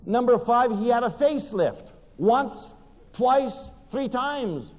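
An older man preaching a sermon, telling funny stories in an animated way and putting questions to his listeners. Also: very high voice, takes it slowly. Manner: animated storytelling, asks the audience questions. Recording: dull recording in a long-reverb hall.

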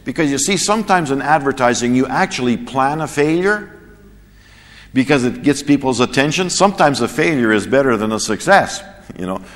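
A man teaching a church class, telling a story in an animated sermon style and chuckling at his own jokes. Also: mid-range voice, brisk, long reverb tail. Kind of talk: sermon with anecdote.

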